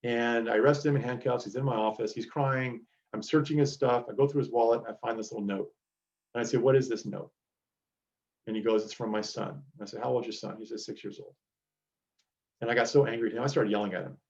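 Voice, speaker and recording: A man's voice: medium pitch, fairly even intonation, quick pace, a little mellow, highs cut off. A middle-aged man, a DEA agent, giving an earnest motivational lecture to students over a video call.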